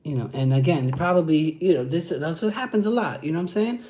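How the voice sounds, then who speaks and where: A man's voice: a little high, fast, warm tone. A man from Brooklyn with a New York accent, hosting a livestream and answering chat in hyped, profane street talk. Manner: hyped, profane street talk with constant "you know what I'm saying". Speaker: channel host.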